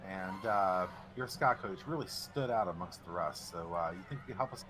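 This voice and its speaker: A man playing in a tabletop game, speaking quickly and plainly in casual chat. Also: low voice, noisy background. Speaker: player.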